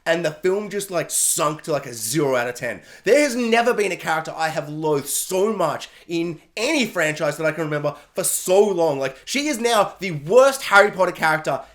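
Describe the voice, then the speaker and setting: A man giving a casual, animated film review, emphatic and exasperated. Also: on the high side, moderate pace, hardly any pauses.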